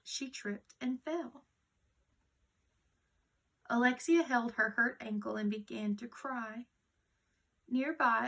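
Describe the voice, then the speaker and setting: Woman storyteller, fairly high, gravelly voice, soft reading of a children's tale.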